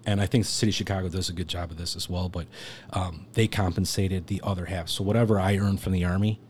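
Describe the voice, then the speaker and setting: A man talks loosely through a story, full of filler words and laughs. His voice sits low, and a faint hiss runs underneath. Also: fairly even intonation, fast, darkish tone. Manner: rambling, heavy use of filler words; laughs while telling stories. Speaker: podcast guest. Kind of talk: casual storytelling.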